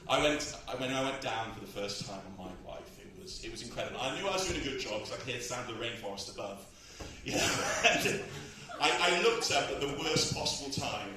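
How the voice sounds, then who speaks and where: Man, stand-up comic, bawdy, animated voice, a bit distant from the mic. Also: mid-range voice, quick pace, few pauses, noisy background. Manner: bawdy, self-mocking, laughing at his own jokes. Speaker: stand-up comedian. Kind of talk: stand-up set. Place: comedy club on stage. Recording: echoey club with crowd, from far off. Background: audience laughing.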